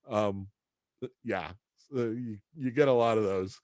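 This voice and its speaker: A man's voice: lowish voice, steady tone, slow, clear, resonant tone, no room sound. A man teaching a class, telling a story in a rambling, hesitant way full of fillers and restarts. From near Boston, USA. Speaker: instructor.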